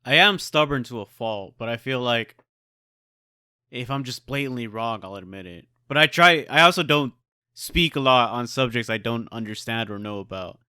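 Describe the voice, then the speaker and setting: A man's voice: mid-range voice, moderate pace, bright, forceful tone, clear, resonant tone, no room sound, clean studio sound. A young man co-hosting a podcast, speaking bluntly and matter-of-factly. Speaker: podcast co-host. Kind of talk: casual chat.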